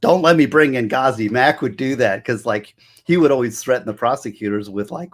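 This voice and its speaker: A man who works as a public defender tells stories about his career in casual, animated talk, acting out the voices of the people he quotes. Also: mid-range voice, moderate pace. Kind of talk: casual storytelling monologue.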